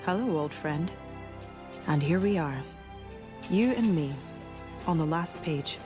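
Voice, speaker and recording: A woman's voice: low-pitched, lively intonation, slow. A young woman saying a tender farewell. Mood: wistful. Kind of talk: film drama voice-over. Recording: show clip under loud music.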